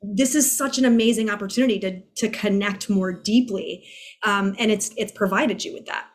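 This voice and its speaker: A woman co-hosting a podcast, talking with a therapist's affirming, encouraging manner about relationships. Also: mid-range voice. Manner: warm, affirming, quick to agree. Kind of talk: casual advice chat.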